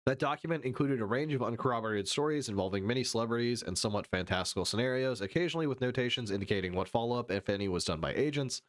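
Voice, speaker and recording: A man live-streaming, reading news haltingly and riffing profanely with his chat. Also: medium pitch, dry recording, studio quality. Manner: profane, reads chat aloud and riffs; reads news text haltingly with fillers.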